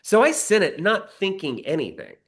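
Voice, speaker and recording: Bright-voiced man telling a story. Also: high-pitched, normal speed. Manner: animated storyteller, acts out quoted dialogue in a raised voice. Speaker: screenwriter and actor, guest. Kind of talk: casual interview storytelling.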